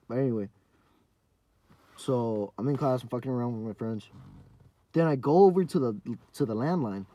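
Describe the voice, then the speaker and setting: A man's voice: fairly low pitch, mellow, a little hiss or hum. Rambling, profane young man telling stories. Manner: rambling, profane, lots of fillers and restarts. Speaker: podcast host. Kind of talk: casual storytelling.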